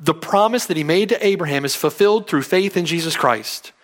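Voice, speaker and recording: A man preaching a sermon, reading scripture aloud and stressing key words with sharp rises and falls. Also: fairly high pitch, fairly quick. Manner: emphatic, rising and falling sharply for stress.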